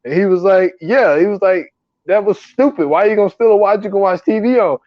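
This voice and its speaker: A man's voice: high voice, brisk, no echo. Slangy, laughing man on a dull, dry mic. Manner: laughs a lot, retells scenes in quoted voices, slangy. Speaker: podcast co-host. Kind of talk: casual chat.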